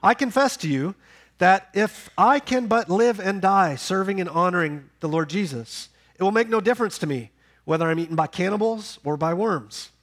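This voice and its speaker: A man preaching a sermon, building to loud emphatic peaks and then dropping low and quiet. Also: moderate pace. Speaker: pastor.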